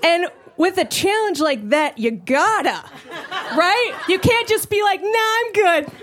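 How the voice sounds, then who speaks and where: A high-pitched young woman performing stand-up. She tells the story with lots of energy and breaks into laughter between lines. Her delivery is loose and conversational. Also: unhurried. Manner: animated, laughing through the story. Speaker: stand-up comedian.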